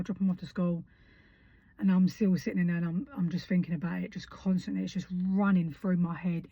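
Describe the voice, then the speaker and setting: A woman's voice: lowish voice, no echo. Blunt heated woman telling a story. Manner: blunt and heated, swears freely. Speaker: vlogger. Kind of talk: casual storytelling. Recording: dull lo-fi sound.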